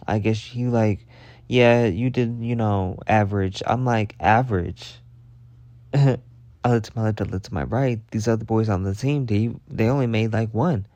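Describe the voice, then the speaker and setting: A man's voice: lowish voice, mellow, dry recording. A young man telling stories and giving advice in a sassy, profane, exasperated rant. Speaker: advice and story vlogger. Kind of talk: casual storytelling rant.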